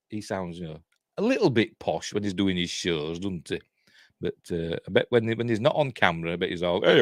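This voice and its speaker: A man from Yorkshire with a broad local accent and a lowish voice that swings up and down a lot as he talks. He reads news items aloud on a live stream, then drifts into rambling, joking asides. The sound is close and dry. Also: no echo. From Yorkshire, England. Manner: self-deprecating, swears mildly, laughs at his own jokes.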